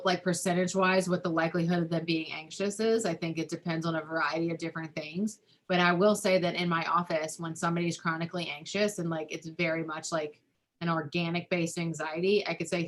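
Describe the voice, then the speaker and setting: Lady therapist walking people through it, kinda low voice, lots of likes and ums. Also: fairly bright tone. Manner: talks through ideas with frequent "like" and "um" fillers. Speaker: family therapist. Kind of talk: explanatory webinar talk.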